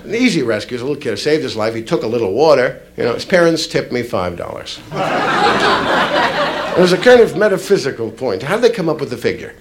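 A man doing a stand-up comedy routine, telling a story with lively asides to a live audience. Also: medium pitch, fast, very noisy. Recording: live club with loud audience laughter.

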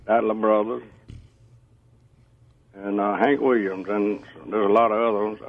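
Man, radio caller, raspy, gravelly, friendly, phone line sound. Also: on the low side, fairly even intonation. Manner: friendly, laughs often, unhurried. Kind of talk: phone call to radio show.

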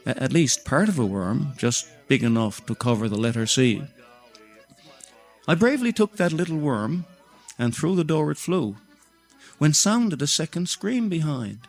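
A man's voice: a little high, sing-song, normal speed, faint music behind. Older man reciting a rhyme. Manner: rhythmic, rhyming recitation. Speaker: storyteller. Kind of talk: recited rhyming tale.

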